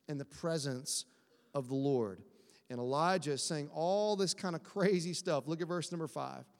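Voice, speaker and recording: A man preaching a conversational sermon, acting out quotes in a whiny voice. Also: fairly high pitch. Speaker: pastor. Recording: long hall reverb.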